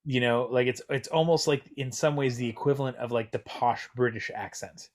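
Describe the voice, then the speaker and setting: A man's voice: mid-range voice, a little fast. Chatty man hedging through a podcast. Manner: chatty, hedging, full of fillers and restarts. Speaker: podcast co-host. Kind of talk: casual chat.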